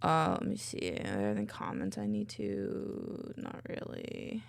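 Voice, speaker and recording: Brief: woman VTuber, chatty and bubbly, voice bounces high and low, boom-arm desk mic at home. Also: wildly swooping pitch, unhurried, gravelly. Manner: bubbly, rambling, chatty with viewers. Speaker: VTuber streamer. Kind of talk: casual livestream chat.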